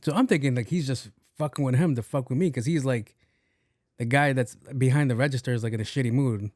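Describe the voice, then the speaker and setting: A man's voice: medium pitch, fast talker, darkish tone, no room sound, clean studio sound. Blunt, cursing young man telling a story. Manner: blunt, swears a lot, exasperated. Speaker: podcast host. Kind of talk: casual storytelling.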